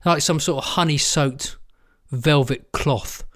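A man's voice: fairly high pitch, slow, fairly bright tone. A man co-hosting a podcast, joking with his friend and calling him mate. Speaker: podcast co-host. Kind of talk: casual chat.

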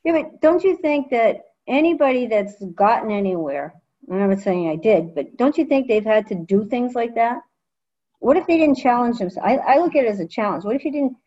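A woman's voice: a little high, dull audio. An older woman, a former running coach, reminiscing in casual conversation and acting out quotes as she tells stories. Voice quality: lively storyteller, acts out quotes with laughs.

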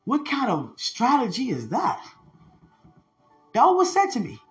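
Podcast evangelist, animated swooping delivery, excitable, quick laughs and street slang. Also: medium pitch, faint music behind. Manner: excitable, laughs often, repeats phrases; uses slang and street talk. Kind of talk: excited preaching testimony.

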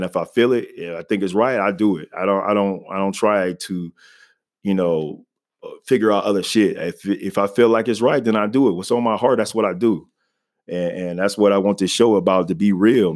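Speaking into a home podcast mic, this host talks on his own in an easygoing, conversational way, dropping "man" and "you know" again and again. His voice sits on the low side and sounds a little mellow.

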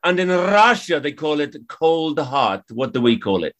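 High-voiced quizmaster man. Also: very animated, fairly bright tone. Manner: teasing, brisk quizmaster. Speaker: quiz host. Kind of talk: pub quiz banter. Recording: podcast with a live room audience.

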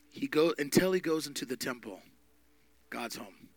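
A male pastor preaches with emphatic energy, his voice riding high with a gravelly edge. He swings between loud bursts and hushed asides. The sound is close and dry, with no room around it. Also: sing-song, slow pace, long pauses, dry recording. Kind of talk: sermon.

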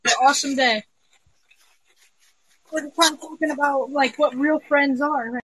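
Laid back woman cohost, high voice, teasing her buddy, dry mic. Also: steady tone, normal speed, a bit bright, dry recording, rough recording. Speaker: podcast co-host. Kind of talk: casual chat.

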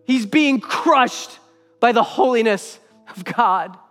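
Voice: medium pitch, animated, slow, a bit bright. A preacher delivering an emphatic sermon, repeating phrases for weight, in a church sanctuary. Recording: long hall reverb with faint music.

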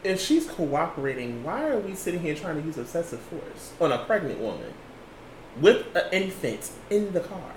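Man, earnest and emphatic, fairly high voice, roomy echo, faint hiss. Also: big pitch swings, moderate pace. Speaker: co-host. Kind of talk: casual commentary chat. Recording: echoey room with faint noise.

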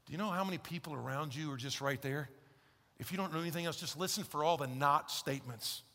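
A male pastor preaching a conversational, emphatic sermon in a large church, swinging from loud to hushed. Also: fairly high pitch, fast. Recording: long hall reverb in a church.

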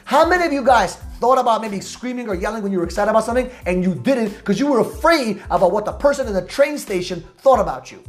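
A man hosting a motivational podcast, talking loudly and emphatically with high energy and casual slang. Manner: repetitive, hype-driven street slang. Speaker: podcast host.

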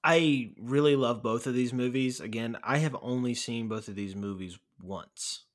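A man's voice: medium pitch, moderate pace. A man co-hosting a casual film podcast, talking enthusiastically and animatedly about a movie scene. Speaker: podcast co-host.

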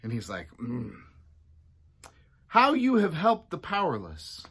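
A man's voice: huge pitch swings, slow pace, gravelly, pauses often, fairly bright tone, slightly rough. A man who is a pastor, giving a casual devotional talk in a chatty way and acting out quotes with sudden jumps in his voice. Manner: chatty, acts out quotes with big pitch jumps.

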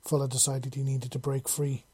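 Very mellow, dry-voiced story narrator. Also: medium pitch, monotone, normal speed, slightly rough, dry recording. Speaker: audiobook narrator. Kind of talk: reading fan fiction aloud.

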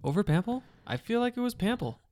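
A man's voice: high-pitched, big pitch swings, fast talker, darkish tone, no echo, clean studio sound. A man co-hosting a podcast in casual chat, often switching into a playful mock-announcer delivery. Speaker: podcast co-host.

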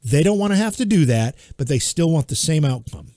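A man's voice: fairly high pitch, animated, a little fast, mellow, no room sound, studio quality. A middle-aged man co-hosting a podcast in casual chat, emphatic and teasing, laughing often. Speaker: podcast co-host.

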